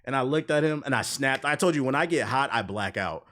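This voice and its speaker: A man's voice: mid-range voice, expressive, fairly quick, a bit bright. A man streaming a game while telling a long story in casual, slangy, profane speech. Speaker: gaming streamer.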